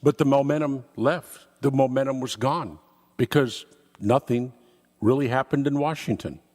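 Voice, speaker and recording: A man's voice: mid-range voice, normal speed, darkish tone, big-room sound. An older man, a talk radio host, giving an emphatic, sarcastic political monologue and acting out quoted conversations.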